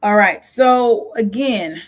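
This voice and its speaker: A woman with a Southern US accent and a mid-range voice takes it slowly as she coaches founders in a casual solo talk. A show host and funding consultant, she repeats her questions and uses lots of fillers.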